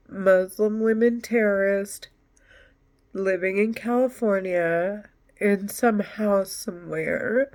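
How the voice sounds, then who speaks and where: A woman vlogging alone, rambling in a halting way with sighs and nervous laughs. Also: medium pitch. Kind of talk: rambling monologue to camera.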